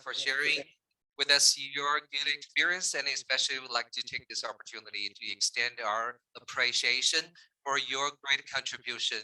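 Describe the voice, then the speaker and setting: A man's voice: medium pitch, pushed and bright, no room sound. A man moderating a formal event, speaking carefully in English with slight stumbles. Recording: distant mic.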